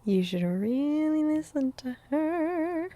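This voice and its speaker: A woman's voice: high voice, big pitch swings, takes it slowly, warm tone. A woman hosting a reaction video, exclaiming and talking back at the screen in casual commentary.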